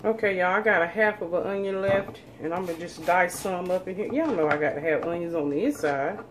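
A woman's voice: on the low side, a little fast, background noise. A woman, chatting folksily to viewers as she demonstrates cooking in her home kitchen. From North Carolina, USA. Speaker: cooking channel host.

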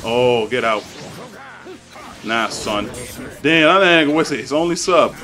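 A man giving excitable, profane live commentary over his own game matches, trash-talking opponents and hyping his plays. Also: mid-range voice, slow pace, music in the background. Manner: excitable, profane trash talk, swings between hype shouts and mutters. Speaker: gaming YouTuber.

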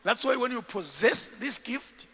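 Man, preacher, lively swooping pitch, shouts and murmurs, echoey church hall. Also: unhurried. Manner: animated, dramatic, swings between shouting and low murmurs. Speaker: bishop, preacher. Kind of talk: sermon.

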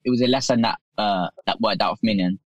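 A man's voice: lowish voice, racing, no echo, highs cut off. A male boxer guesting on a podcast, laid-back, telling stories with easy humour. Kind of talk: casual chat.

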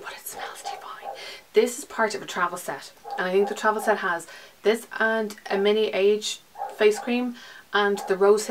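A young woman with an Irish accent chatting casually through her monthly beauty favourites, rambling and slipping into breathy whispered asides. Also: lowish voice. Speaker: beauty vlogger. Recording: slightly distant mic with faint hiss.

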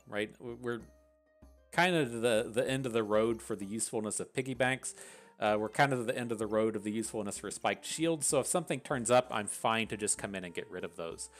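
A man from West Virginia with a thick Appalachian accent, chatting casually and rambling through gameplay commentary, swearing freely. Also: on the low side. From West Virginia, USA. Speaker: gaming channel host.

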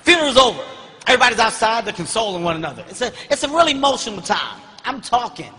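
High-pitched man doing stand-up. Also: fast talker, long reverb tail. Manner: animated storytelling, frequent shouting. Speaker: stand-up comedian. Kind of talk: stand-up comedy routine. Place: comedy stage before large audience. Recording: live stage recording with crowd.

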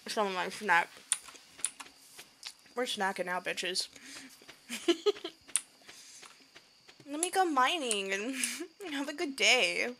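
A woman's voice: a little high, big pitch swings, slow pace, pauses often, pushed and bright, slight background noise. A young woman giving casual, self-deprecating commentary while playing a game, laughing often. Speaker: gaming video creator. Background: keyboard clicks and typing.

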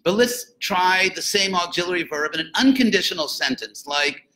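An older man giving an informal, conversational lecture to students as a spiritual teacher, with joking asides and animated emphasis. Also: sits high, normal speed, few pauses, rough recording.

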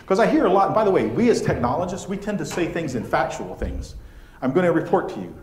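A man speaking from the stage at a conference, his voice a little on the high side. He tells stories in a chatty, animated way with plenty of fillers, and the sound carries the echo of a large hall. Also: fast talker, slight background noise. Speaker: keynote speaker. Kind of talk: conference keynote talk. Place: conference venue.

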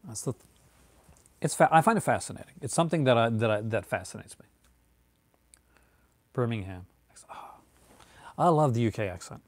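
A man's voice: medium pitch, lively intonation, moderate pace, long pauses, dry recording. A man from Newfoundland with a Newfoundland accent, chatting casually and rambling through tangents as a streamer answering viewer chat. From Newfoundland, Canada.

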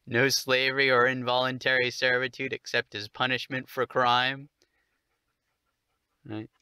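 A man's voice: medium pitch, level tone, takes it slowly, long pauses, pushed and bright, clean tone, no echo. A young man ranting casually while walking his dog, swearing often and laughing at it. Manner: profane, mocking, laughs often. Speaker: vlogger. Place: outdoors on a dog walk.

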